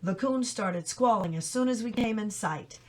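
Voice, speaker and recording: A woman reading a novel chapter aloud in plain, steady storytelling, with small slips she corrects as she goes. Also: medium pitch, moderate pace. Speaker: reader.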